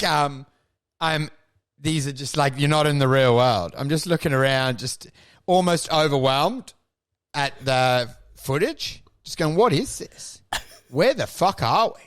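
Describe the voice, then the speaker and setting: High, gravelly man ranting. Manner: animated, sweary, jumps into acted voices. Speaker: podcast co-host. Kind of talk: absurd comic storytelling.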